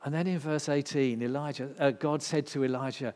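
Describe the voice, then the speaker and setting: A man preaching a sermon, swinging from loud, intense passages to hushed ones. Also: mid-range voice, fairly even intonation, brisk. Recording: long reverb of a hall.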